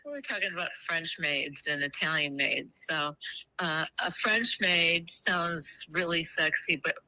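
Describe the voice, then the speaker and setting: A woman's voice: sits low, a little slow, bright, forceful tone, dry recording, rough recording. A middle-aged woman, the host's mother, calling in to chat and laughing often. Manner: laughing, chatty. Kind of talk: casual chat.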